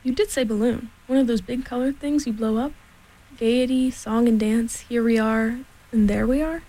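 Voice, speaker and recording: Gloomy old donkey for a storybook read-aloud, slow and mournful, warm breathy tone, as a woman reader puts him on. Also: on the high side, fairly even intonation, close to an everyday voice, low-quality recording.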